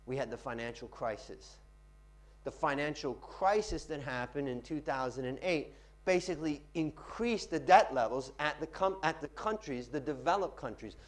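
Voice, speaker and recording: In a seminar room, a man gives a live workshop talk on pitching, varying his loudness and pace for effect. He's animated and speaks at normal speed.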